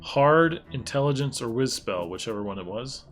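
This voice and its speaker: A man's voice: mid-range voice, moderate pace. Easygoing man running a tabletop game. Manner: relaxed narration with many "um"s. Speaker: game master.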